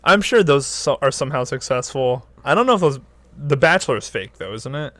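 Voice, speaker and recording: Young male podcast co-host, crude joker, filler-heavy, lively dry delivery. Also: medium pitch, brisk, dry recording. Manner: crude joking, lots of "like" fillers. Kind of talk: casual chat.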